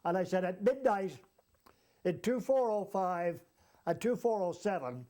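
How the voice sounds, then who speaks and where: A man telling a comic travel anecdote as a storyteller, lively and chuckling along as he goes. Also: high-pitched, measured pace. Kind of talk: comic anecdote told to an audience.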